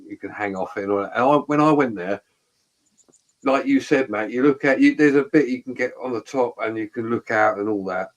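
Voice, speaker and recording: A man's voice: mid-range voice, normal speed, highs cut off. A man in casual chat, telling a joking story with swearing.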